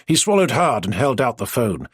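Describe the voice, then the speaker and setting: Husky male audiobook narrator. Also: medium pitch, big pitch swings, moderate pace, dry recording, clean studio sound.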